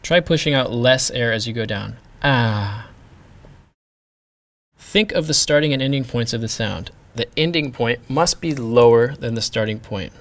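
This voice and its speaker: A man's voice: mid-range voice, moderate pace, few pauses. A man teaching pronunciation, carefully demonstrating each sound. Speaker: language teacher. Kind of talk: pronunciation lesson.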